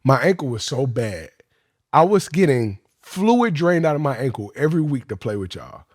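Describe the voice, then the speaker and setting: A man telling his football career story on a podcast, animated, profane and slangy. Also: medium pitch, normal speed, no room sound, clean studio sound.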